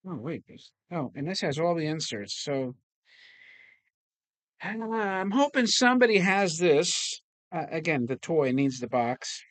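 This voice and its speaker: A man's voice: fairly high pitch, sing-song, a little slow, a bit bright, no room sound. A man hosting a casual unboxing chat, rambling and swearing casually as he talks. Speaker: toy collector host.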